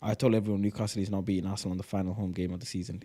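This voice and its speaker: Guy reacting to posts, fed up, swears a lot, lowish voice. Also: flat delivery, very fast, warm tone. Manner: exasperated, swearing, reading posts aloud. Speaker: reaction streamer. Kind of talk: casual reaction commentary.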